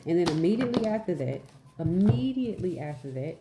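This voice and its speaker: Woman, deep and warm, casual spiritual teacher, emphatic and repetitive, a bit goofy, roomy echo. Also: very animated, a little fast, noisy background. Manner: repetitive, emphatic, asks "right?"; goofy and laughing at herself.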